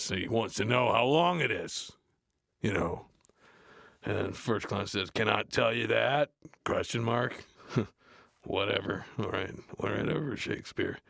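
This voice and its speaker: An actor playing a gruff, blunt adult metal frontman, reading a play aloud in a deadpan, grumbling way and mocking the text. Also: on the low side, a little slow, no room sound, studio quality, heavily acted. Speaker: reader of a play. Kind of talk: comedic read-aloud with running complaints.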